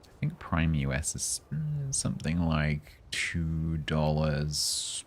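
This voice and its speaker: A man's voice: extremely low pitch, sing-song, slow pace. A man live-streaming a game, chatting casually and jokingly with his chat.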